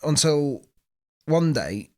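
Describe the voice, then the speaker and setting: A man's voice: a little high, sing-song, slow pace. A young man, a podcast co-host telling a story in casual chat, acting out quoted lines and swearing freely.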